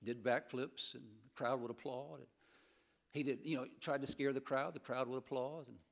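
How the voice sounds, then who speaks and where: A man preaching an animated sermon in a church and mixing in humorous stories. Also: medium pitch, normal speed, creaky. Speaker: pastor. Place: church sanctuary.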